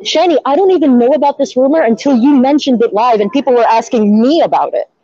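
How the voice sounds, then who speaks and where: A woman's voice: high-pitched, fast, warm tone, no echo, dull audio. A woman calling into a live stream, defensive and exasperated, swearing as she denies a rumor. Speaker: caller. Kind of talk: call-in over a video chat.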